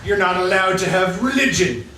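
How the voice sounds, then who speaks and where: A man's voice: high voice, expressive, moderate pace, a little hiss or hum. A man voicing an arrogant, domineering tyrant king who barks orders on a stage. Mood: bossy. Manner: loud, domineering, dismissive. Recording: echoey room from far off.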